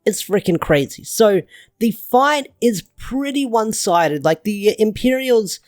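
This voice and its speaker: A man giving a casual, excitable comic book review, gushing and rambling loosely. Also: high voice, measured pace, no room sound.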